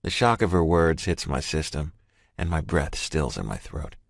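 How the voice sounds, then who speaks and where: Deep-voiced male audiobook narrator. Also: big pitch swings, normal speed, vocal fry, dry recording, studio quality. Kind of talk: first-person romance audiobook narration.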